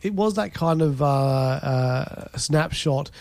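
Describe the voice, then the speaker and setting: Man, podcast co-host, casual rambling chat, dry close sound, raspy edge. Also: fairly high pitch, animated, darkish tone, no room sound. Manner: rambling, halting speech.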